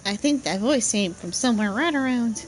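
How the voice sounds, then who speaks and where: A woman's voice: fairly high pitch, animated, fairly quick, slight background noise, poor audio. A woman streaming a game, muttering to herself and chatting playfully as she plays. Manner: muttering to herself, playful, reads dialogue aloud. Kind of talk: casual gameplay commentary.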